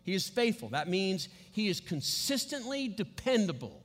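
A man's voice: sits high, very animated, moderate pace, fairly bright tone, long reverb tail. A man giving a church teaching session as a Bible teacher, coaching his listeners and often checking in with them. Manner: coaching, checks in with frequent "okay?".

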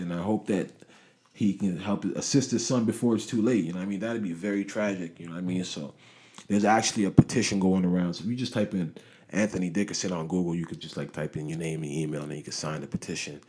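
Profane, animated man ranting about sports. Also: low-pitched. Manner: animated, profane, repeats "you know what I mean". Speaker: sports commentator. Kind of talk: casual sports talk monologue.

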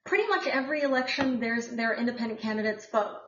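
A woman's voice: on the high side, lively intonation, quick pace, a bit bright, echoey room, highs cut off. An American woman hosting a casual podcast, chatting about the news in a rambling way with many filler words. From United States. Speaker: podcast host.

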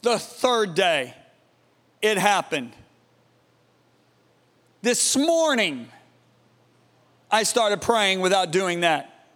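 Man, high voice, preacher, dramatic sermon storytelling, hushed awe, long hall echo. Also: very animated, very slow, long pauses. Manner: dramatic, swings from loud emphasis to hushed awe.

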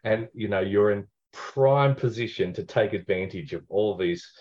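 Low-voiced Australian man on a dull recording. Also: moderate pace, darkish tone. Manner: chuckling, rambling. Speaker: podcast co-host. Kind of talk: casual chat. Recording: dull lo-fi sound.

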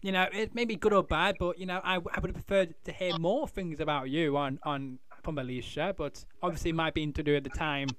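A chatty, teasing male host who rambles and restarts his sentences. His voice is high and bright, with a forceful edge. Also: steady tone, brisk, few pauses, dry recording. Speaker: podcast host. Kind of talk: casual interview chat.

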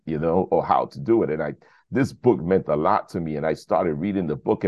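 A man's voice: sits low, no room sound. A man, a podcast guest telling a story casually, acting out the dialogue with lots of "you know". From United States. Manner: animated storyteller who acts out quoted dialogue, many fillers.

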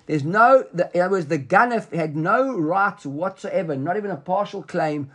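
Animated man teaching a Talmud class. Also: high-pitched, moderate pace. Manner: lively explaining, acts out the rabbis' words, quizzes a student. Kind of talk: explaining a text in a study class.

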